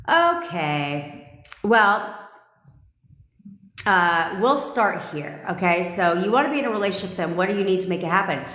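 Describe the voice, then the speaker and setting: A woman's voice: fairly low pitch, lively intonation, unhurried, fairly bright tone. A woman manifestation coach on a live stream, talking bluntly and intensely with lots of swearing, repeating her points and answering viewer comments. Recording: echoey room with long reverb.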